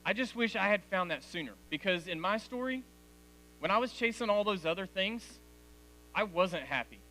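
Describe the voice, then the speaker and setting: Man, 40s, youth speaker, bright and slightly high voice, talks straight to the teens, faint hiss behind. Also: animated, moderate pace, low-quality recording. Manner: direct, conversational, addresses teens as guys. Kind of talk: youth sermon.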